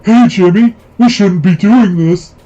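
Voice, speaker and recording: Squeaky flirty lady voice, guy doing a mocking impression, high and loud, lo-fi. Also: measured pace, a little hiss or hum. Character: breathy flirty woman with squeaky voice. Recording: slightly dull lo-fi stream audio.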